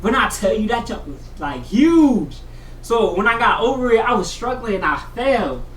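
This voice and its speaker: A vlogger telling a story in slangy casual chat, saying "bro" a lot, moving between mumbled asides and loud excited bursts. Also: mid-range voice, moderate pace, far from the mic. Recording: echoey room, voice from off the mic, faint hiss.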